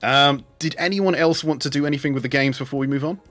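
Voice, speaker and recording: Joking game master man, slightly high voice. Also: fairly bright tone, faint music behind. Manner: jokey, puts on quick character voices. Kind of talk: narrating a tabletop game.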